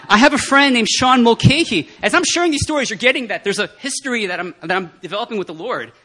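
A man speaking at a prayer meeting, telling personal testimony stories in an animated way and often laughing. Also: high voice. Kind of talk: testimony sermon.

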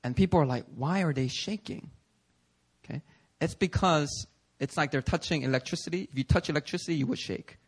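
A man with a fairly high voice preaches in an easygoing, conversational way. He is animated, keeps checking in with his congregation with little "okay?"s and "right?"s, and slips into other people's voices when he quotes them. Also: fast talker, few pauses, slightly rough. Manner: acts out listeners' voices in quotes. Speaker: pastor. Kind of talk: conversational sermon. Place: church sanctuary.

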